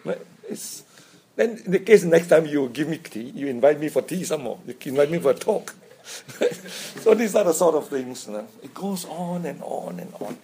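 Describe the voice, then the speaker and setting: A man's voice: fairly high pitch, sing-song, moderate pace, dark tone, slight background noise. A man giving an informal Buddhist dharma talk, chatty, chuckling often and checking in with "right?". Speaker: Buddhist teacher.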